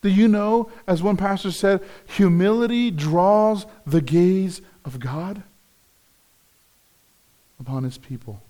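A man's voice: high-pitched, slow pace, dark tone. A man preaching a sermon as pastor, earnest and repeating key phrases for emphasis.

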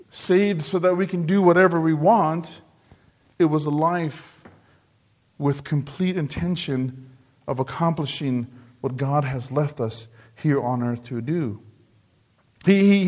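A man with a rather high voice delivers a sermon. He speaks earnestly, repeating his phrases for emphasis. He sinks low and soft on the words that matter most. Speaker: preacher.

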